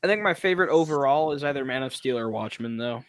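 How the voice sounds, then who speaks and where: A man's voice: mid-range voice, expressive, fast, dry recording. A man hosting a casual chat, passing on viewer questions and giving short, easygoing replies.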